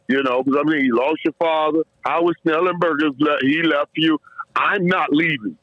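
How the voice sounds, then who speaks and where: Excited storyteller man, muffled dry sound. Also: fairly high pitch, normal speed, no room sound. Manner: animated, repeats and restarts words, laughs while telling stories. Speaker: guest, former football player. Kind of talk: emotional storytelling in a podcast interview.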